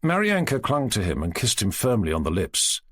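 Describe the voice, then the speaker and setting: A man narrating a classic novel as an audiobook in an expressive storytelling manner. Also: fairly low pitch, normal speed, dry recording, clean studio sound. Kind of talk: scripted narration.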